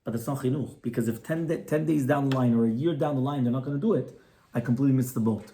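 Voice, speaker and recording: A man's voice: mid-range voice, fast, warm tone. A man, a rabbi, giving a conversational Torah class in a home, often checking in with his listeners. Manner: conversational teaching, frequent "right?" checks with the audience. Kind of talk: Torah class on child education. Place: residence, small class gathering.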